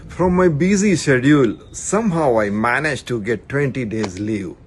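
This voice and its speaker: A man's voice: medium pitch, animated, moderate pace, husky, rough recording. An older man from India, reading a travel anecdote about visiting his grandchildren. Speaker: listener telling a travel story.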